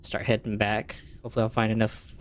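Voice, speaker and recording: A man's voice: fairly low pitch, monotone, fast, slight background noise. A man streaming a game, chatting casually and answering his chat as he plays. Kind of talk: casual chat while gaming.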